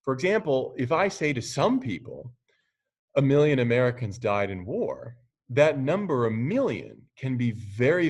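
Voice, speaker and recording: A middle-aged man delivers a recorded lecture at an ordinary, middle pitch. He talks in a relaxed, conversational way, stopping to restart phrases and tossing in a teasing aside. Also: breathy edge.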